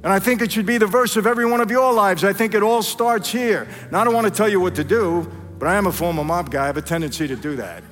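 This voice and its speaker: High-voiced man preaching in a reverberant hall. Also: fast talker, few pauses, faint music behind. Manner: dramatic storytelling, acts out dialogue, addresses crowd as "people". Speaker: guest speaker at a church. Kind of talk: testimony sermon. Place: large church hall.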